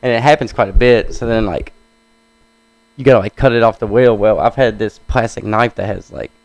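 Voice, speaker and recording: A man's voice: on the low side, brisk, creaky, no echo, poor audio. A young man co-hosting a casual podcast, laid-back and slangy, telling a story about getting hurt at work. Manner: laid-back, slangy, says bro and dude. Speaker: podcast co-host. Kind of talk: casual chat.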